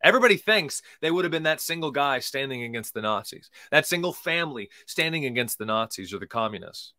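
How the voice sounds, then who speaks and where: A man hosting a podcast, giving emphatic, preachy commentary that swings between loud and quiet, and slowly reading scripture aloud. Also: medium pitch, lively intonation, no echo, studio quality. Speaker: podcast host.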